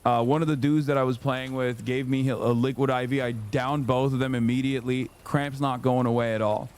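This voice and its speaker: A streamer in his thirties tells a story on his livestream at a brisk clip, casual, profane and animated. He keeps jumping into high-pitched voices when quoting people.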